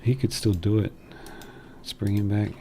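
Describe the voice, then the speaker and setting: Man, casual stream chat, gravelly, mellow, excitable rambling. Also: moderate pace, soft background music. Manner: rambling, excitable, bursts into high squealing impressions and laughter.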